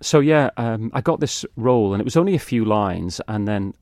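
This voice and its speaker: A man's voice: fairly low pitch, animated, normal speed, a little mellow, no echo, clean studio sound. A middle-aged man, an actor guest, telling self-deprecating stories in a rambling, laughing way. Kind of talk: anecdotal podcast chat.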